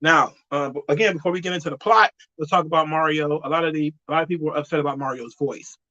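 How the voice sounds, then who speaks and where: A man's voice: fairly high pitch, fast, pushed and bright, dull audio. A man giving an opinionated, conversational movie review in a casual spoken style.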